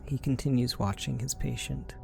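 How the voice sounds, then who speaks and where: A man playing a tabletop role-playing game who speaks in a slow, hushed way. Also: mid-range voice, gravelly. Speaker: player. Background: faint music.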